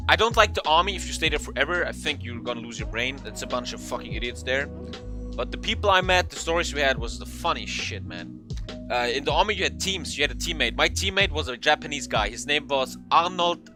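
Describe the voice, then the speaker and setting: A young man telling a funny story in a casual, animated way, swearing often and acting out what people said. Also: mid-range voice, a little fast, over music. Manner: animated, swearing, acts out quotes in a raised voice. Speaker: vlogger.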